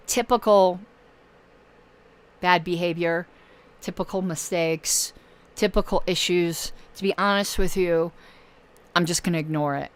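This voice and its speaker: A woman hosts her own political channel in loose, unscripted livestream talk. Her voice sits a little low and is wearing thin and hoarse. She stops often to fill gaps with hesitant ums before pressing on. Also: fairly even intonation. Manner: halting, many filler pauses. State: losing her voice.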